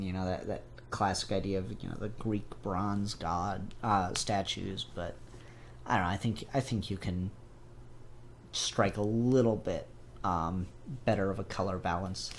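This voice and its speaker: A man's voice: on the low side, measured pace, slight background noise. A young man giving a casual spoken review of comics, in a rambling, chatty and upbeat way.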